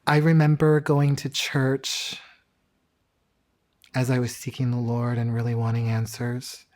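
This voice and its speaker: A man sharing a personal testimony in a calm, measured, deliberate way. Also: mid-range voice. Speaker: interviewee.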